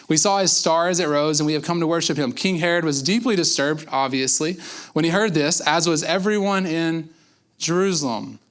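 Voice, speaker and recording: A pastor delivers a conversational sermon, acting out quotes and repeating words for emphasis. His voice sits a little high, moves at a normal pace, and has a slightly bright quality.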